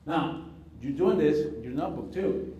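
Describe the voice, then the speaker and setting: A man leading a teacher training workshop in a classroom, talking in a casual, halting way with many fillers and restarts. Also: fairly high pitch, animated, warm tone, highs cut off, a little hiss or hum. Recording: echoey room from far off.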